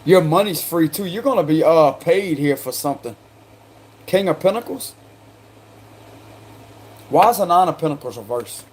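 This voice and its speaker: A man with a South Carolina accent works through a tarot spread in loose, slangy talk. His voice sits fairly high for a man, and he breaks into laughter between cards. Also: animated, moderate pace, long pauses, darkish tone, slightly rough. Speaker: tarot reader. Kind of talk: casual spoken tarot reading.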